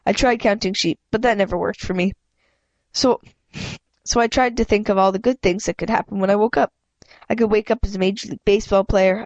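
A woman with a stuffy head cold reads a story aloud at home, her voice sitting at an ordinary middle pitch. She stumbles and restarts words often, in a casual, unpolished reading. The sound is dry and close, with no room echo. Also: darkish tone, highs cut off. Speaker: amateur audiobook reader. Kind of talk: casual read-aloud narration.

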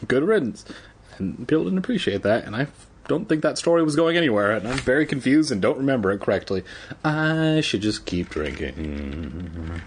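A man's voice: medium pitch, lively intonation, quick pace, slight background noise. A young man from San Diego, reading a book aloud with irreverent, rambling jokes. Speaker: reader. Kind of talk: comedic book reading with asides.

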